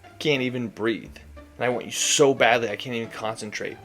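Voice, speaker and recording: A man voicing a smitten winged fae lord from a book, in a hushed, earnest read-aloud. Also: mid-range voice, steady tone, fairly quick, faint music behind, lightly acted.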